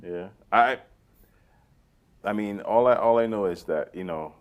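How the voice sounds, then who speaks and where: A man from Barbados, co-hosting a casual chat, animated and quick to laugh, with lots of "yeah, yeah". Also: on the low side, muffled recording. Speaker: podcast co-host.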